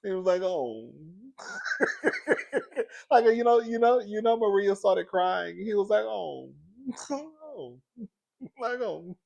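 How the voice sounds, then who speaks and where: A man in a casual, gossipy chat recapping a reality show, animated and laughing often, speaking. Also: high-pitched, takes it slowly, creaky, pauses often, muffled recording. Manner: chatty, gossipy and animated, laughs often, says "girl" a lot.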